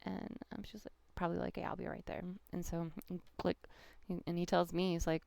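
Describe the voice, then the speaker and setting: Gravelly-voiced woman telling a story. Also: fairly low pitch, brisk, no echo. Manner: animated storyteller, acts out quoted voices. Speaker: tarot reader. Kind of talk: personal storytelling to viewers.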